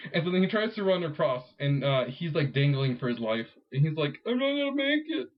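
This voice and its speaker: A man's voice: fairly high pitch, moderate pace, lo-fi sound. A man co-hosting a podcast, telling a rambling comic story with many fillers. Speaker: podcast co-host. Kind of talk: casual comedic storytelling.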